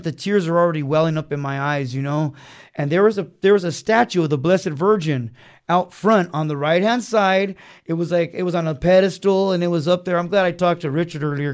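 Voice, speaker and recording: A man telling his personal testimony as an interview guest in a small studio, in an earnest, slangy, casual way. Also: high voice. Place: small studio beside a chapel.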